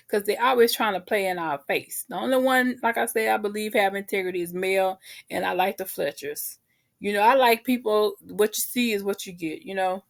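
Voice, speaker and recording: A woman's voice: mid-range voice, vocal fry. A woman, casually recapping a reality show for her viewers in a chatty, sassy way.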